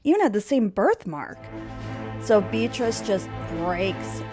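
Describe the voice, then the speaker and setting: A woman's voice: on the high side, very animated, unhurried, loud music behind the voice. Chatty young woman narrating gameplay. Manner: chatty, giggly, self-interrupting. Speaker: game storyteller. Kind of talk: casual narrated gameplay storytelling.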